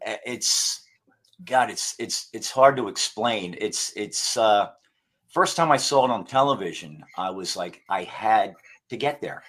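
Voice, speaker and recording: A man's voice: lowish voice, lively intonation, measured pace, fairly bright tone. A man talking casually as a podcast guest, rambling with many fillers and restarts. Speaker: guest paranormal investigator.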